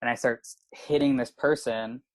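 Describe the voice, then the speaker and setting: A man's voice: mid-range voice, moderate pace, no echo, rough recording. A man in his thirties from Canada, a comedian telling a rowdy story in casual podcast chat, swearing and saying "like" constantly. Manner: animated, swearing, lots of filler "like". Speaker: comedian guest.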